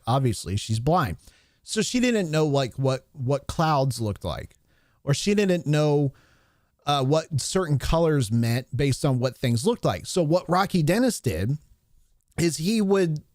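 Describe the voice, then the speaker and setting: A man's voice: medium pitch, darkish tone, no room sound, clean studio sound. A man hosting a casual live stream, retelling a movie scene in a rambling way, restarting sentences as he recalls details.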